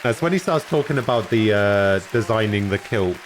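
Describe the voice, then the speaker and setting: A man's voice: on the low side, animated, moderate pace, a faint crowd, a little hiss or hum. A man live-streaming his reaction to a comedy clip, dropping short amused comments.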